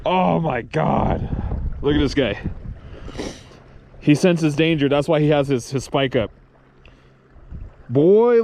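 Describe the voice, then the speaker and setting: A man vlogging his solo fishing trip outdoors, talking excitedly to the camera and the fish he catches, swearing casually as he films himself. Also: on the high side, slight background noise. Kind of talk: excited outdoor vlog commentary. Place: outdoors on a reservoir shore.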